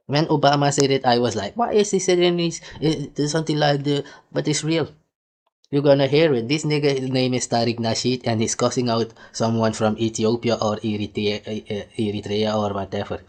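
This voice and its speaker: A man's voice: mid-range voice, a little mellow. Scornful man ranting over a clip. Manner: mocking, scornful, laughing between jabs. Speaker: commentator reacting to a clip. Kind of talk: ranting video commentary.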